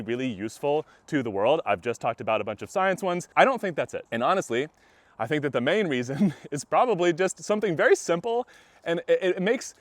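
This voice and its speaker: A man's voice: medium pitch, dry recording. Young guy, chatty walking vlog, slightly winded, dry close sound, laughs through his points. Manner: chatty, animated, laughs often mid-sentence. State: out of breath while walking. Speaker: vlogger. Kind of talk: walking-and-talking vlog commentary. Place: outdoors on a walk.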